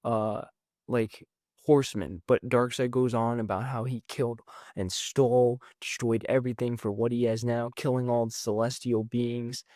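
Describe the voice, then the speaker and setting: A man in a middle pitch talks through a comic book story in an excitable, rambling way, quoting the characters as he goes. The sound is close and dry, with almost no room behind it. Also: normal speed, dry recording. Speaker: comics recap channel host. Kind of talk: casual comic book recap.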